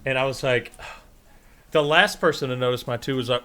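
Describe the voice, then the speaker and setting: A man's voice: medium pitch, brisk. A man co-hosting a podcast, telling a story in casual chat and acting out the quotes as he goes. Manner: animated storyteller, acts out quotes, swears freely. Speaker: podcast co-host.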